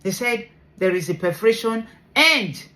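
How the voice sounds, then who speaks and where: A woman's voice: fairly high pitch, expressive, moderate pace, bright, forceful tone. A Nigerian woman in a vlog, earnestly retelling a personal story with emotion, mixing English and pidgin. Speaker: vlogger sharing her medical story.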